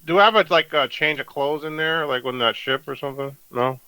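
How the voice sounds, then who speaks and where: A man's voice: fairly high pitch, fairly quick, pushed and bright, smooth, no echo, poor audio. A man playing a tabletop game, asking questions in a hesitant way as he thinks aloud. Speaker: player. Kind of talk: casual tabletop play.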